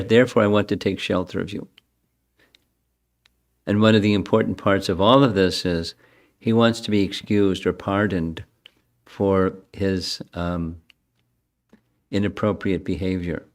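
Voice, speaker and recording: Low, slow older man teaching scripture. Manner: chants verses, then explains them, conversational. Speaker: spiritual teacher giving a scripture class. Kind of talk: scripture lecture.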